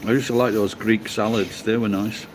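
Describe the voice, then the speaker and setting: A man's voice: on the low side, steady tone, moderate pace, a little hiss or hum. A man with a Yorkshire accent chatting casually on a livestream, blunt and sweary, laughing as he answers viewers. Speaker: livestreamer reading chat. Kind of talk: casual live chat.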